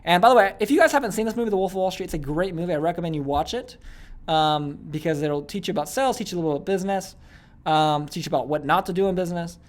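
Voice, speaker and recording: A man's voice: high-pitched, racing. A young man coaching sales in a casual online course, chatty, with repeated words and frequent "okay" and "like". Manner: chatty, repeats words, many okays and likes.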